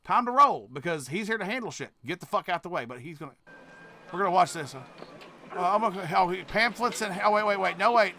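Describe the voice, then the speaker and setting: A man with a high, sharp, bright and gravelly voice rants fast through a casual reaction video, swearing freely. He swings between low mutters and sudden loud shouts, often trailing off and restarting sentences, over a little hiss or hum.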